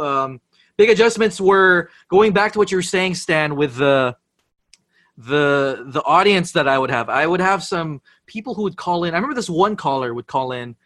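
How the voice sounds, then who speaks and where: Young DJ, high voice, lively raconteur, casual. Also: male voice. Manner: animated storyteller, laughs often, mimics voices. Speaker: radio DJ and podcast guest. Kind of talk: casual chat.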